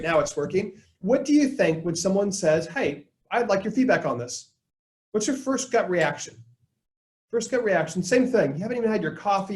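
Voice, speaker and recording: A man presenting a live leadership webinar, coaching his audience in an energetic tone and acting out the lines he quotes. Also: high voice, roomy sound, low-quality recording. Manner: energetic, coaching tone, quotes people in put-on voices.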